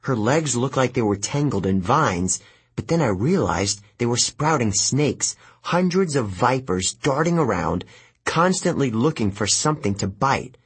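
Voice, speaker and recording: A man narrating a novel as an audiobook in an expressive storytelling manner. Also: medium pitch, measured pace, slightly rough.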